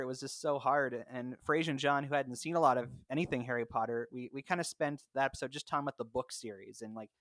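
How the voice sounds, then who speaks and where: A man's voice: medium pitch, fairly bright tone, no echo. A man hosting a podcast in casual chat, upbeat and laughing easily, recorded remotely. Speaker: podcast host. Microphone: remote call mic.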